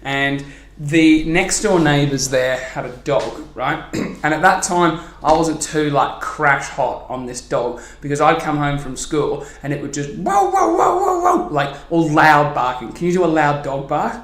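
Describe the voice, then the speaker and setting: A man's voice: a little high, unhurried, few pauses, fairly bright tone. A young man born in New Zealand and raised in Australia, telling a story in casual podcast chat. He swears freely, laughs through it and acts out the other people in it. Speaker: podcast host. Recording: echoey room.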